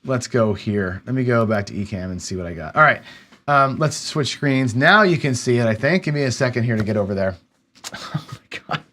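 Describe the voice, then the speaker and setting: A man's voice: medium pitch, a bit bright. Man muttering while hunting for a file. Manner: frustrated, muttering to himself while searching. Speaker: livestream host. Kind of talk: casual live-stream chat.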